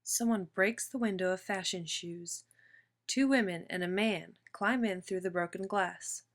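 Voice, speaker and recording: Woman, storyteller, children's picture book read-aloud, steady narration, medium pitch. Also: measured pace.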